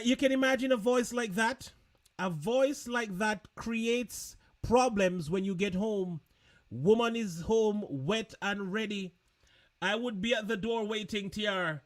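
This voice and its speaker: A man hosting a live online show in a loose, chatty way, often repeating words. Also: sits high. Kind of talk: casual live-stream chat.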